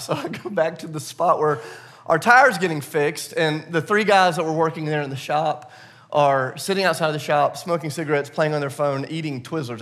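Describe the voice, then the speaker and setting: A male pastor delivers a sermon, his voice pitched a little high. He talks in a loose, conversational way and pokes fun at himself while retelling a story. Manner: conversational, self-deprecating, animated retelling with laughs.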